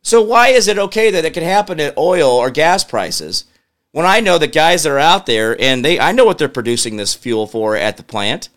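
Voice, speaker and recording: A man with a slightly high, sing-song, somewhat bright voice hosts a political commentary show at normal speed. He mutters to himself as he works a computer, ranting with exasperation and hurling questions at the audience.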